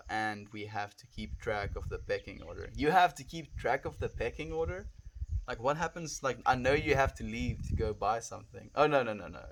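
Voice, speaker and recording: A South African man chatting casually on a late-night livestream, rambling softly with many fillers and calling viewers friend. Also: fairly low pitch.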